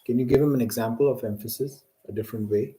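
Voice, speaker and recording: A man's voice: medium pitch, fairly even intonation, fast, dark tone, poor audio. A man teaching a scripture class, asking students questions and often checking in with "right?".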